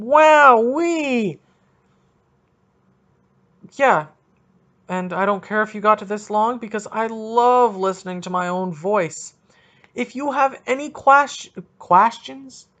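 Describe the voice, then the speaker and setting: A man from Canada hosting a casual solo podcast, rambling and joking as he thinks out loud. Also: high voice. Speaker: podcast host. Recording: dull lo-fi recording.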